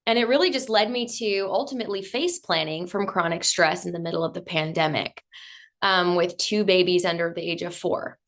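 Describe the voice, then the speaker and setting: A woman in her late thirties, a podcast guest, candidly telling her own story in an animated way and acting out her past thoughts. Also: fairly low pitch, fairly quick. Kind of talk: interview storytelling.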